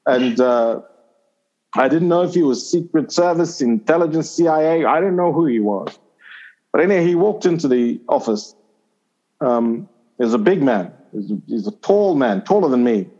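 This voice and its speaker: A middle-aged man from Zimbabwe recounts a personal story as an interview guest, meandering through it with ums and restarts. His pitch sits in an ordinary middle range. The audio is slightly dull and lo-fi. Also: lively intonation, moderate pace, warm tone. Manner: rambling anecdotal, with fillers and restarts. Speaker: interview guest, former cricketer. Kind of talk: conversational storytelling.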